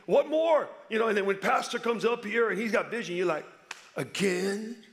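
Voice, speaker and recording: High-voiced playful preacher, man in his 50s. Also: fast. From Chicago. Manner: energetic, playful, calls for audience response. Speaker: guest pastor. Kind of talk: sermon.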